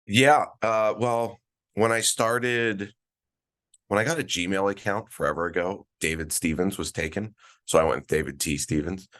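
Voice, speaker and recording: A man in his forties, a guest on an interview podcast, telling stories in a relaxed, casual way with plenty of fillers and restarts, calling in from a conference. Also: low-pitched, moderate pace. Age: 40s. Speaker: guest, events director. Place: at a conference, remote call.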